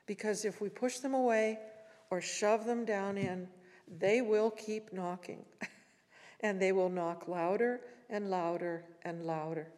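A woman giving a reflective talk at a morning service and reciting poetry, gentle and unhurried, with long pauses between phrases. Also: mid-range voice, fairly even intonation. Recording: reverberant hall.

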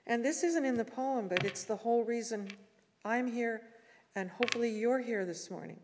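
A woman giving a reflective talk at a morning service and reciting poetry, gentle and unhurried, with long pauses between phrases. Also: on the high side, noisy background. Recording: reverberant hall.

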